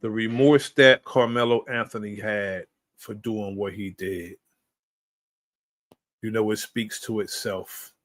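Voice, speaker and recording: A man's voice: fairly low pitch, steady tone, slow pace, fairly bright tone. Blunt, cursing male commentator. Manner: blunt, swearing, ranting. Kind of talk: casual commentary.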